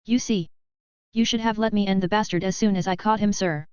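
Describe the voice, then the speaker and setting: A woman's voice: mid-range voice, fairly even intonation, fairly quick, darkish tone, clear, resonant tone, no room sound, dull audio, close to an everyday voice. A woman voicing a loyal, hot-headed male guard who speaks urgently and disapprovingly.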